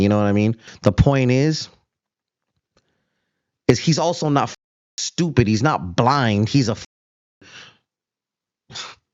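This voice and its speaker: A man's voice: lowish voice, dry recording, highs cut off. A host on a confrontational callout rant, taunting his target and calling him fool again and again. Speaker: show host.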